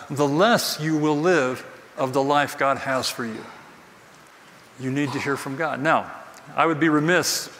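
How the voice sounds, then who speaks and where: In a church sanctuary, a man preaches an earnest, emphatic sermon, returning again and again to his key phrases. His voice is fairly high and fairly bright, picked up by a distant mic in a reverberant hall with faint noise.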